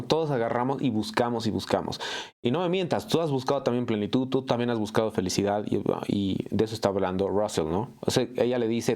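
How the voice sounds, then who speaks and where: A man hosting a reaction video, commenting quickly and emphatically with repeated words. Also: mid-range voice, darkish tone. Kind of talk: casual commentary.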